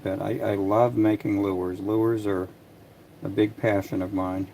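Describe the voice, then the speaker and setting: An older man making fishing lures in his workshop, chatting casually to a livestream audience in a soft, rambling way with frequent restarts. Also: lowish voice, level tone, unhurried, gravelly, slight background noise. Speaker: lure maker livestreaming. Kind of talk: casual livestream chat while working.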